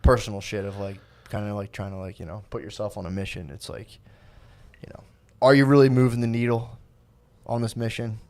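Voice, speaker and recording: A man's voice: on the low side, fairly even intonation, darkish tone. A man co-hosting a comedy podcast in casual chat, rambling and restarting often, mock-earnest and jokingly self-pitying. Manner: rambling, halting, with many restarts and fillers. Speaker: podcast co-host.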